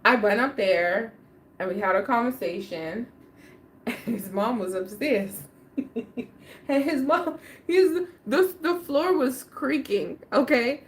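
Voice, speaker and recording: A woman hosts a casual livestream and tells a personal story full of slang and frequent laughter. Her voice sits high and swoops all over the place. She takes her time with every line. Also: expressive, slow. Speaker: livestream host.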